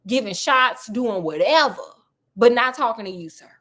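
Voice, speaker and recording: A woman voicing an impatient, dismissive male doctor who talks fast in casual slang. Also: on the high side, animated, fairly bright tone.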